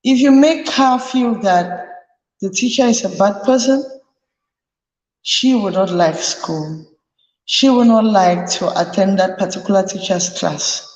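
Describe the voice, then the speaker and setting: A woman's voice: medium pitch, a little slow, a little mellow, lo-fi sound, slight background noise. A woman hosting a live parenting chat, earnestly advising parents and repeating her key points. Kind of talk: live talk to an audience. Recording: echoey room with long reverb.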